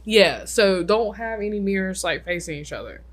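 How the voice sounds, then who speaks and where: A young adult podcast co-host telling stories in a casual chat, full of filler "likes" and sudden quick bursts. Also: medium pitch, animated, crowd noise.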